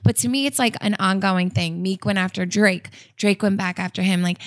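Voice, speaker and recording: A woman co-hosting a casual chat, telling gossip in a lively, chatty way. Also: medium pitch, normal speed, dry recording, studio quality. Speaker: podcast co-host.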